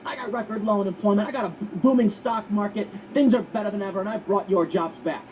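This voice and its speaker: Guy putting on a brash bragging politician voice, loud and pushy, kinda far from the mic. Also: high-pitched, fast, a little hiss or hum, lightly acted. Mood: gloating. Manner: swaggering, crowd-rousing. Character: boastful brash male politician at a rally.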